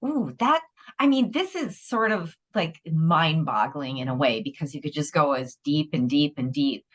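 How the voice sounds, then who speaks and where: Expressive low-voiced woman podcast host. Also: moderate pace. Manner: expressive, exclaims, restarts sentences. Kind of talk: casual chat.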